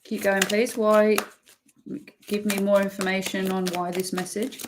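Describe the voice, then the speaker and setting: A woman giving an intuitive tarot energy reading, emphatic and swearing freely, pausing and restarting as she pulls cards. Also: mid-range voice, flat delivery, background noise. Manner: pauses and restarts while pulling cards. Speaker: tarot reader.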